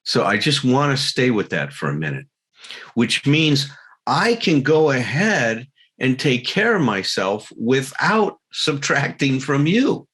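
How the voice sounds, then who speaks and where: Speaking to a recovery group, this man has a husky, fairly bright voice of medium pitch that swings widely and moves at a slow pace. He's earnest, laughs at himself now and then, and acts out little quarrels in quoted voices.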